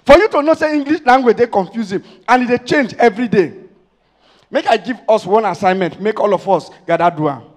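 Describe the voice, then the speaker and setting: A man with a Nigerian Pidgin accent from Warri doing stand-up comedy on stage, chatty and animated, building to loud punchlines. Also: high-pitched, a little fast. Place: stage before a live audience.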